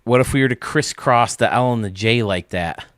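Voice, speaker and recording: A man's voice: medium pitch, normal speed, a bit bright, dry recording, studio quality. A man hosting a casual gaming stream, rambling and thinking aloud as he works, with frequent laughs. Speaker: streamer and game designer host.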